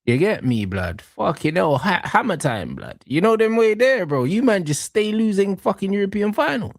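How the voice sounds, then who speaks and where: A man's voice: sits high, moderate pace, no echo, clean studio sound. A man, co-hosting a reaction show, trading mocking, slang-heavy football banter. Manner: mocking, slangy, animated trash talk. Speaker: reaction channel co-host.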